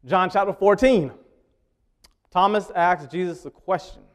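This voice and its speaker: A man delivers a sermon with a voice pitched slightly higher than most men's. He talks with the congregation rather than at it, asking questions and waiting for answers. He pushes some words out loud and drops others into quiet asides. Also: unhurried. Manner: conversational, asks the congregation questions; swings between loud emphasis and quiet asides. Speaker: preacher.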